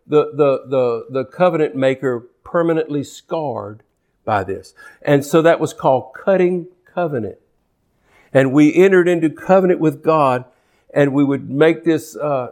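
High-voiced impassioned male preacher. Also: darkish tone. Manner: impassioned, repeats and restarts phrases, acts out quoted speech. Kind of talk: sermon.

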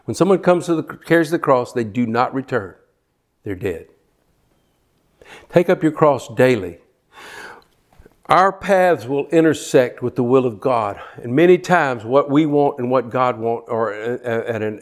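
A man preaching with fervent, driving intensity, pressing the same point again and again. His voice sits at an ordinary middle pitch, and he often trips over words and restarts mid-sentence. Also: a little slow. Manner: fervent, pushes hard, repeats himself. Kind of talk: sermon.

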